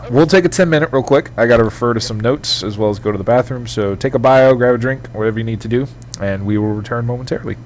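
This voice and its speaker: A man narrating as game master in a relaxed, casual way over a faint hum. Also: medium pitch, fast.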